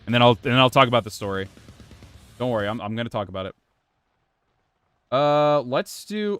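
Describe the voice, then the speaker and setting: Lively rambling man streaming a game. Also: mid-range voice, brisk, long pauses, clear, resonant tone. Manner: rambling, self-mocking, swears freely. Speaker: gaming streamer. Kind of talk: casual gameplay commentary. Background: faint music playing from his computer.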